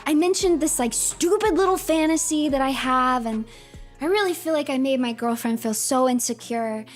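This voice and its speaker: A woman voicing a clueless, sweet young boyfriend who talks gently and apologetically, with faint music behind. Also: sits high, normal speed, close to an everyday voice. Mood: worried.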